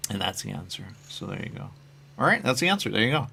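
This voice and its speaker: A man with a low, gravelly voice chats loosely on his live stream, musing aloud about his comic work. He reads out viewer comments and answers them, his sentences wandering and fading off softly at the end. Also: sing-song, fast, a little hiss or hum. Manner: musing and meandering, trailing off quietly at phrase ends. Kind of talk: rambling casual live-stream chat.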